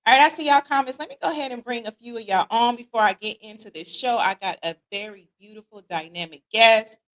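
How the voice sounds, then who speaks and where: A middle-aged woman hosts a casual livestream, reading out viewer comments. Her voice sits a bit high, and she talks in a lively, slangy, joking way. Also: fast. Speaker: podcast host.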